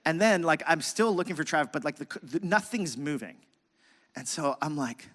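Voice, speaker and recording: Animated pastor in a reverberant hall. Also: male voice, fairly high pitch, moderate pace. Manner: animated storyteller, acts out his own yelling and laughs at himself. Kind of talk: sermon with a personal story.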